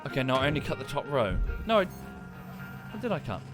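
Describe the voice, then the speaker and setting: Very animated and moderately paced, a medium-pitched British man comments on a game he's streaming, with music in the background. He's rambling and sweary, repeatedly breaking off mid-thought to begin again.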